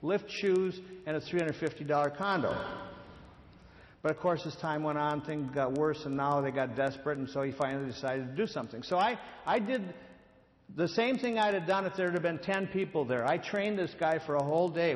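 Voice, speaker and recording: A man with a slightly higher voice gives a conversational sermon and slips into little acted quotes along the way. He often repeats himself as he talks. His voice rings out with a long reverb, the way it would in a church hall. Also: brisk. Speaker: speaker on addiction and grace. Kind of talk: sermon with storytelling.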